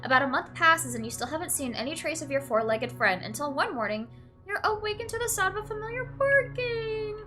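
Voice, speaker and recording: High bright young woman streamer. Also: brisk, faint music behind. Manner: emotional, swings from flat to teary and laughing; uses "like" and "literally" often. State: tearful at times. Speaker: let's play streamer. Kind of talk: reading game text aloud and reacting.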